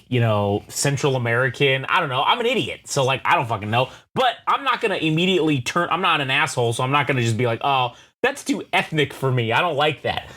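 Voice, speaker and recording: A man's voice: mid-range voice, sharp tone. A man co-hosting a casual podcast chat, swearing freely and riffing on his opinions. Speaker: podcast co-host.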